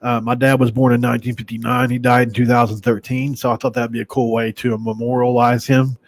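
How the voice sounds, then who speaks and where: A man's voice: mid-range voice, level tone, a little fast. Rambling, sighing sports podcast man. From Mingo County, West Virginia, USA. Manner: rambling and conversational, with sighs and restarts. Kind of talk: casual sports commentary.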